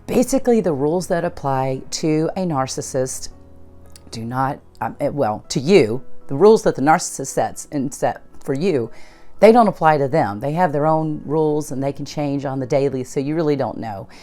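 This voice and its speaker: A woman's voice: low voice, lively intonation, moderate pace, mellow, faint music behind. A woman host telling a personal story in a conversational way, recounting events and acting out what people said. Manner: conversational, retells events with quoted dialogue. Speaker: channel host.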